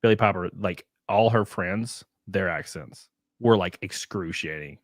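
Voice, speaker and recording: A podcast host from the Southern United States, a man with a low, unhurried voice and a Southern American accent, runs a casual livestream chat. He's laid-back and rambling and laughs often. The recording is studio quality with no echo.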